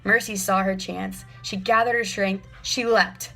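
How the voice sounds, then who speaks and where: A woman reads a children's chapter book aloud, clear and measured. Her voice has a gravelly, fry-tinged texture, and soft music sits behind her. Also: mid-range voice, steady tone, rough recording. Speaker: audiobook narrator. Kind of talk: scripted narration.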